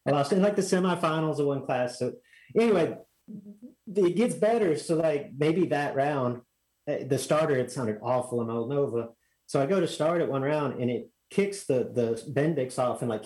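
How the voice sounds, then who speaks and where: A man's voice: mid-range voice, normal speed, darkish tone, poor audio. A man from Texas, telling a rambling story as a guest in a casual chat, full of fillers and restarts.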